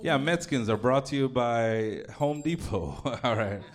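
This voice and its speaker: A man's voice: mid-range voice, expressive, measured pace. A man from Oak Cliff, Texas, doing a profane, offhand stand-up set on a comedy club stage. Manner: crude, profane, offhand delivery.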